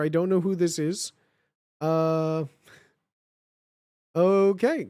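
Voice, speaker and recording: Hours of chatter have left this livestreamer's mid-range voice hoarse as they perform a comic live reading of fan fiction, slangy and playful, alternating between shouts and mutters. They take it slow with frequent pauses, captured in a dry, studio-quality recording.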